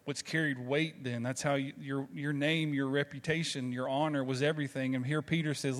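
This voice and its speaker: This Southern US pastor talks fairly quickly with few pauses, in a mid-range voice with fairly even intonation and a Southern American accent. In his sermon he shares stories conversationally and throws rhetorical questions at the congregation.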